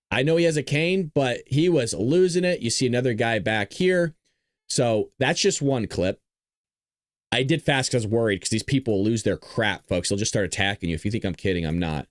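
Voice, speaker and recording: In a dry studio-quality recording, a man with a medium pitch talks animatedly at a normal speed. He's hosting a podcast, running his own video clips while he rambles and chats straight to the viewers.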